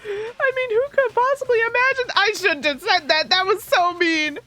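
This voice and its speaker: A young woman hosting a let's-play, reacting in an excitable, gasping, squealing way. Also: very high-pitched, normal speed. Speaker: gaming channel host.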